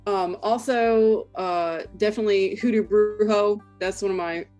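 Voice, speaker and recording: A woman guest on a casual podcast, hesitant and rambling with many pauses. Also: mid-range voice, steady tone, a little mellow, faint music behind.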